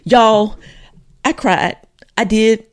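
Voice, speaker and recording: A woman co-hosting a casual chat show, retelling stories in an animated, dramatic way. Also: fairly high pitch, extremely slow. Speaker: podcast co-host.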